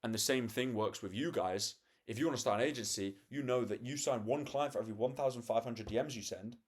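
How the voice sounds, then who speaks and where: A man's voice: medium pitch, fast talker. A young man, swearing freely and restarting sentences as he talks to camera late at night, acting out parts of a sales call. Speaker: vlogger.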